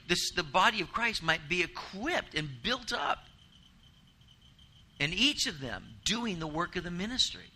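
A middle-aged man preaching a sermon as a pastor, telling a family story with self-deprecating humor, rising for emphasis and dropping quiet for asides. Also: high-pitched.

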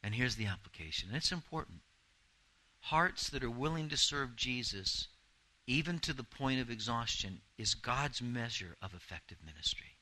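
A man's voice: mid-range voice, expressive, moderate pace, pushed and bright, rough recording. A man in his fifties, a pastor preaching an earnest, emphatic sermon.

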